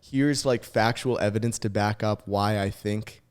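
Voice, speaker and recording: A man's voice: fairly low pitch, fairly even intonation, a little slow, clean tone. Young male podcast co-host. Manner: sums up and riffs on the story, jokes with the teller. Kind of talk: casual podcast chat.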